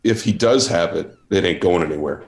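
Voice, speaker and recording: A man guest in a casual chat, telling stories with dry, deadpan jokes. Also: sits low, brisk. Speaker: guest actor.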